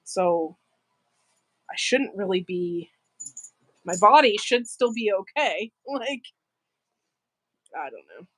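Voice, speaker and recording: Slow-talking woman chatting on a live stream. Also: medium pitch, lively intonation, dry recording. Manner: rambling, laughs often, reads and answers chat. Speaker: farm channel livestream host. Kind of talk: casual live-stream chat.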